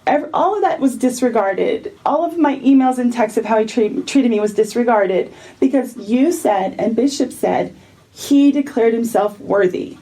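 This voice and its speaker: A woman's voice: on the high side, moderate pace, mellow, low-quality recording. A woman in a church meeting, speaking firmly and directly and pressing her questions. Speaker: church member. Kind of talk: tense meeting conversation.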